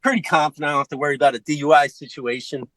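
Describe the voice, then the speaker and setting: A man telling a true story on a podcast, animated and acting out the people in it. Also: a little high, very fast, dry recording, poor audio. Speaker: podcast co-host. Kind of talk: casual storytelling.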